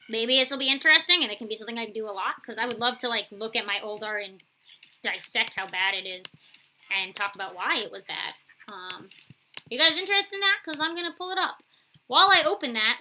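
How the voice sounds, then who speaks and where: A woman's voice: a little high, bright, forceful tone, low-quality recording. A young woman from New York with a light New York accent and a touch of Boston, chatting casually and laughing often on an art live stream.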